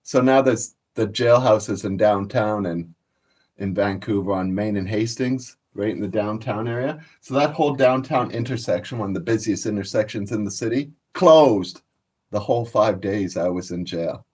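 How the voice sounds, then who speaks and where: A man's voice: lowish voice, normal speed, a little mellow. A man, telling stories casually on his vlog in a profane, boastful, laid-back way. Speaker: cannabis vlogger. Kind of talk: casual storytelling.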